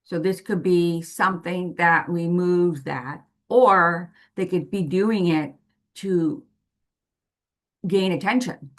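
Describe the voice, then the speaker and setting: A woman with a slightly low voice guides parents through a talk, unhurried and deliberate. She explains patiently and leans on everyday examples to make each point clear. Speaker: parent guide presenting to families. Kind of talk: slow, explanatory presentation to parents.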